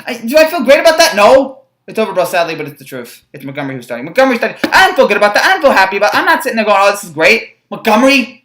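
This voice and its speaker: A woman's voice: fairly high pitch, a bit bright. A young woman ranting as a sports fan vlogger, frustrated and rambling, with stammered restarts. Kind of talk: fan reaction rant. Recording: echoey room.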